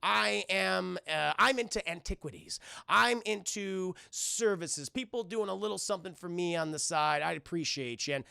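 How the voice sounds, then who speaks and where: A man voicing a scheming female cat dealer who talks in a slow, silky, condescending way. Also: high-pitched, vocal fry, sharp tone, clear, resonant tone, no echo, studio quality, heavily acted. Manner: slow, silky, condescending, calls people kitten.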